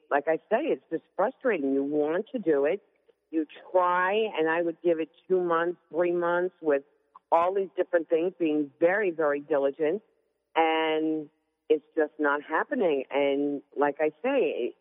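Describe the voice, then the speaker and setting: A woman's voice: deep voice, big-room sound. Woman on a tinny phone line. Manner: candid and lively, acts out others' words. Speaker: guest caller. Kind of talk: casual interview over the phone.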